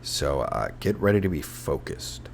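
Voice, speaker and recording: Deep-voiced guy ranting about history on his podcast, swears a lot, goes off on tangents. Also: sing-song, unhurried, gravelly, heavy background noise. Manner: profane, rambling, sarcastic ranting. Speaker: podcast host. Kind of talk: comedic history podcast rant.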